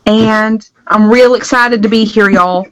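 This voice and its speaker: A woman's voice: mid-range voice, steady tone, unhurried, no room sound. Bubbly woman player, dry close sound. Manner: bubbly, laughs often. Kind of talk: casual banter at a tabletop game.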